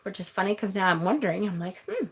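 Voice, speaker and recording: A woman's voice: mid-range voice, expressive, fast talker, a bit bright, slight background noise. A woman from Rochester, New York, giving casual live tarot readings, chatty and affectionate as she answers viewers' comments. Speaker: tarot reader and channel host.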